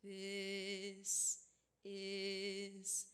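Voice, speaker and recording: A woman's voice: medium pitch, completely flat delivery, extremely slow, fairly bright tone, soft background music. A woman playing an exasperated, bookish storybook princess in a live stage musical, singing comic complaints. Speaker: stage actor. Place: school auditorium stage. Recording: long reverb in a big hall.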